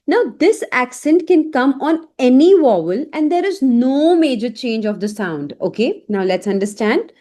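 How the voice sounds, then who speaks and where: Woman teaching slowly, repeating each word. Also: high-pitched, lively intonation, warm tone. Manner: slow, repeats each word several times. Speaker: French teacher. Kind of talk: online language lesson.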